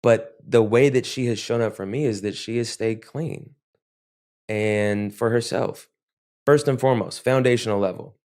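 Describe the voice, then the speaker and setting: A man as an interview guest, speaking reflectively and haltingly with many restarts. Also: medium pitch, a little mellow. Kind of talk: podcast interview.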